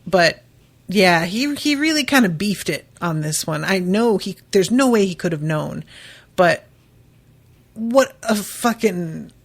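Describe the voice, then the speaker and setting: A woman's voice: lowish voice, lively intonation, a little slow. Woman doing a laid back book recap podcast, rambly, says like a lot, cusses. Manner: loose and chatty, with lots of fillers and casual swearing. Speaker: podcast host.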